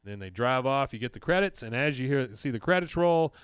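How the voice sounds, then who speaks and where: A man's voice: medium pitch, animated, fairly quick, clean tone, no room sound, studio quality. A man hosting a podcast, recapping episode scenes in a casual way and briefly mimicking the characters' lines.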